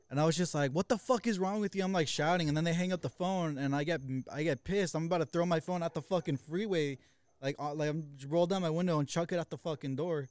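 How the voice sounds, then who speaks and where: A man's voice: on the high side, smooth, no echo. Profane young man telling a story. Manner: fast, profane, retells with quoted voices. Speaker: podcast co-host. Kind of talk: casual storytelling chat.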